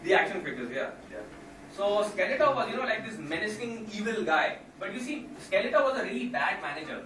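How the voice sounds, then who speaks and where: Male stand-up comic, animated delivery, distant mic, roomy sound. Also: high-pitched, fast talker. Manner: animated, jumps into loud impressions. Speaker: stand-up comedian. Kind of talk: stand-up comedy with impressions. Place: comedy venue with live audience. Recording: echoey room from far off with noise.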